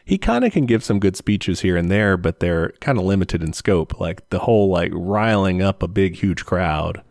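A man's voice: low voice, moderate pace, creaky, dry recording, clean studio sound. A man co-hosting a podcast, chatting casually about a film and explaining history with lots of "like" and "you know". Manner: relaxed, many fillers, explains history. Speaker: podcast co-host.

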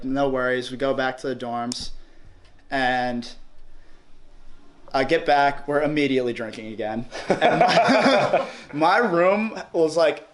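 A young man with a New York accent telling a rowdy story in casual chat, rambling, cursing and laughing often. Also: medium pitch. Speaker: podcast guest.

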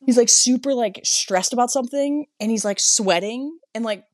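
A young adult woman co-hosting a casual podcast chat, talking quickly, cutting herself off and acting out quoted dialogue. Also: fairly high pitch, a little mellow. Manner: fast, self-interrupting, acts out quoted dialogue. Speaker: podcast co-host.

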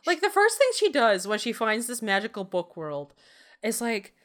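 A woman's voice: on the high side, big pitch swings, moderate pace. A woman co-hosting a casual film review chat, sarcastic and laughing often, acting out characters' lines. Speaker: podcast co-host.

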